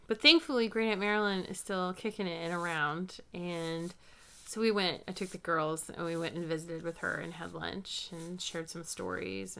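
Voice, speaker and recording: A woman in her thirties hosting a knitting podcast, chatting casually and telling family stories in a warm-hearted way. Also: on the low side, clean tone. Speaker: podcast host. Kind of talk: casual chat.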